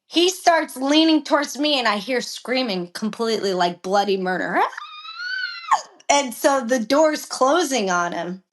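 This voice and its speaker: Brief: young woman, high voice, brash storyteller, raises her voice to act out quotes, cusses freely. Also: moderate pace, hardly any pauses. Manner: animated, profane, acts out quotes with raised voice. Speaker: professional jockey, podcast guest. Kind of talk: casual storytelling interview.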